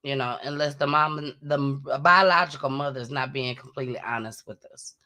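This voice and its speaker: A woman hosting a casual commentary show, talking in an animated, chatty and emotional way. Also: very deep voice, brisk. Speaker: host.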